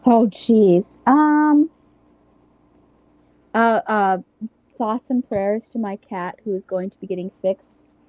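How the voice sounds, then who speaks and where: A woman's voice: mid-range voice, slow, pauses often, no room sound, highs cut off. A woman co-hosting a casual chat podcast, talking hesitantly with many fillers. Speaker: podcast co-host.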